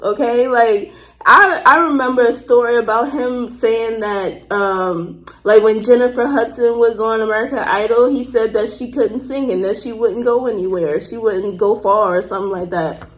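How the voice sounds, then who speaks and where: A woman's voice: on the high side, expressive, normal speed. A woman hosting a casual reaction video, chatty, exclaiming often and laughing easily. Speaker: host reacting to a documentary.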